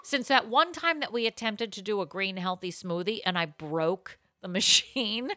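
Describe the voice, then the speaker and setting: A woman hosts a relaxed cocktail-tasting chat, with a playful, wisecracking delivery that slips in the odd swear. Her voice is bright and sharp. It is recorded dry and close for a video call. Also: medium pitch, normal speed, no room sound. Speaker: podcast host.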